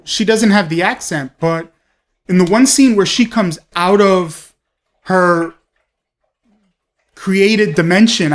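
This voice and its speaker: A man hosting a casual TV episode review, talking in a rambling, gushing way with frequent exclamations. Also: high-pitched. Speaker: host of a TV review show.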